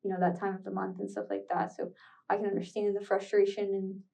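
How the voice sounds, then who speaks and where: Woman detective, interrogation room, even steady delivery, mellow tone, picked up by a distant room mic. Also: medium pitch, fast talker, gravelly. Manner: calm, patient, probing questions. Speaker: police interrogator. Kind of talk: interrogation questioning.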